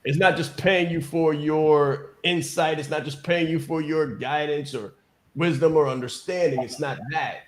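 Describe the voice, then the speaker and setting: A man's voice: a little high, steady tone, a little slow, a little hiss or hum. A man giving an emphatic motivational business coaching talk on a call, repeating key phrases and often asking "right?".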